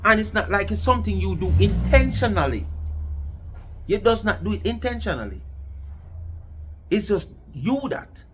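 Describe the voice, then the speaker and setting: High-voiced man ranting in patois. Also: sing-song, normal speed, long pauses, a bit bright, slight background noise. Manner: mocking, mixes patois with English. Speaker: commentary vlogger. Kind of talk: casual commentary rant.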